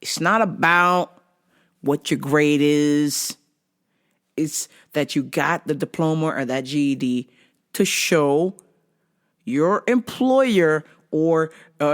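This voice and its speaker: Lively swearing man telling stories. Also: on the high side. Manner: animated, swears freely, laughs at own stories. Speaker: podcast host. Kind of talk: casual storytelling monologue.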